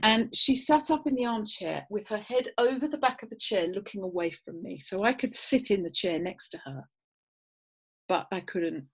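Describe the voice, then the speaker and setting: A woman, a guest course leader, telling an animated story on a video call and dropping to a whisper at tender moments. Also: medium pitch, moderate pace, gravelly, slightly rough. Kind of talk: storytelling on a webinar.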